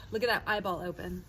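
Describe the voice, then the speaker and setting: A woman's voice: fairly low pitch, fairly bright tone, poor audio. A woman reading a children's picture book aloud outdoors, chatting with young listeners between pages and acting out the animal sounds. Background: sirens and street noise.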